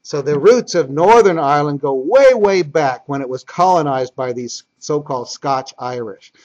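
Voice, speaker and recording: A man lectures a class on history in an easy, conversational way, restarting sentences and repeating points for emphasis. His voice sits a little high for a man. The classroom recording sounds dull and lo-fi. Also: expressive, normal speed, a little mellow.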